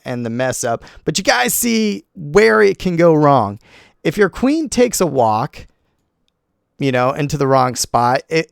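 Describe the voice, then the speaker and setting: A man commenting on a replay of his own game, animated and self-critical, talking to himself as he goes. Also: on the high side, creaky, no room sound, clean studio sound. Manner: self-critical, talks to himself while narrating; animated, quick swings between groans and cheers. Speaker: gaming channel host.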